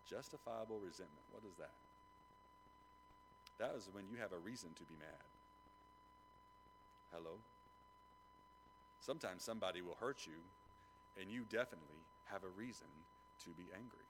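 A man's voice: low-pitched, animated, normal speed, long pauses, noisy background. A man preaching a sermon as pastor, talking conversationally and prodding the congregation with questions.

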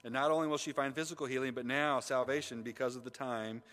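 A male pastor preaching a sermon in an animated, conversational way, swinging between loud emphasis and quiet intensity. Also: medium pitch, fast, in a large hall. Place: church sanctuary.

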